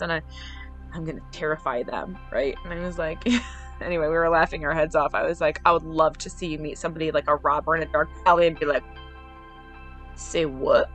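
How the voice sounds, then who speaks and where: A middle-aged woman hosting a podcast, telling personal family stories in an animated way, quoting others and laughing often. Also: low voice. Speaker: podcast host. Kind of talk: personal storytelling.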